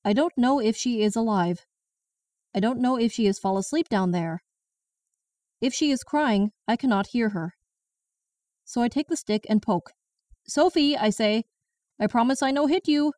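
A woman's voice: on the high side, animated, moderate pace, pauses often, darkish tone, no room sound, recorded from a distance, close to an everyday voice. A woman voices a stern Chinese grandmother in her late sixties, speaking broken English with a Chinese accent. She tells her story bluntly and with plain indignation, in an audiobook style. The voice sits a little off the mic in a dead, dry room. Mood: scolding. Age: 60s. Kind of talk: first-person audiobook narration.

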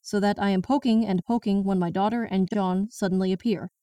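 A woman's voice: mid-range voice, fairly even intonation, a little fast, dark tone, dry recording, far from the mic, natural voice. A woman voices a stern Chinese grandmother in her late sixties, speaking broken English with a Chinese accent. She tells her story bluntly and with plain indignation, in an audiobook style. The voice sits a little off the mic in a dead, dry room. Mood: indignant. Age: 60s. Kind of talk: first-person audiobook narration.

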